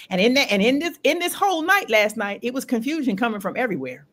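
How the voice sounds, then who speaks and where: A woman hosting a casual talk show, telling a long story in an animated way, repeating phrases for emphasis and swearing freely. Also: a little high, fast. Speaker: show host.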